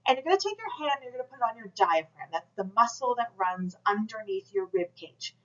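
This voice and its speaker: A woman instructor gives a recorded class lecture, speaking directly to students, coaching them through exercises and demonstrating projection aloud. Her voice is on the high side with lively intonation and a fairly quick pace, and the camera mic cuts off the highs.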